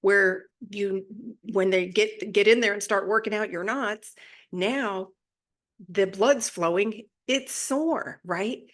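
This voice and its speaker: A woman's voice: mid-range voice, slow, fairly bright tone. Chatty woman giving a spiritual update. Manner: chatty, often adds tag questions. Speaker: spiritual channel host. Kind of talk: casual spiritual monologue.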